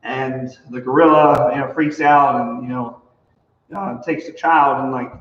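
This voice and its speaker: Rambling pastor in a roomy hall. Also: male voice, medium pitch, fairly even intonation, a little slow, fairly bright tone. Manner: rambling, many fillers and restarts. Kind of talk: casual chat. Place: church hall. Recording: echoey hall, far from mic, dull.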